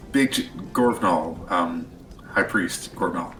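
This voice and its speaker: A man's voice: low voice, normal speed, fairly bright tone, far from the mic, slight background noise, rough recording. A man playing a tabletop game as a player, jokey and playful. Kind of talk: tabletop role-play.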